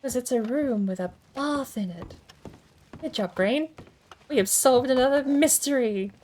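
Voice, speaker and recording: A woman's voice: sits high, a little slow, darkish tone, a little hiss or hum. A woman streamer chatting casually as she plays, thinking aloud and over-enunciating every word. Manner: chatty, thinks aloud while fiddling with settings. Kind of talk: casual game-stream chat.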